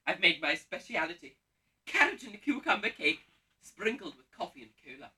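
A loud, vain comic cook, as a woman acts her out on a pantomime stage, rallying the crowd to shout back. Her voice swings widely in pitch and sounds bright and sharp. It is picked up from well away from the mic. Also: big pitch swings, normal speed, recorded from a distance, heavily acted. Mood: brassy. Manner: loud, brassy, leads audience call-and-response.

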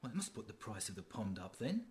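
A man's voice: on the high side, very animated, moderate pace. An actor with a British accent playing a flustered, hesitant man posing as a financial advisor in a sitcom. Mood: bemused. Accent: British English. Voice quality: hesitant, bemused. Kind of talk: sitcom acting.

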